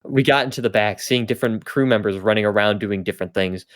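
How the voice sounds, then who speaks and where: A young man reads fanfiction aloud on a comedy podcast, tripping over words and correcting himself as he goes. His voice sits a little low and sounds close and dry, with no room in the sound. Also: fast talker, no room sound. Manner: stumbling, self-correcting reading with laughing asides. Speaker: podcast host and reader.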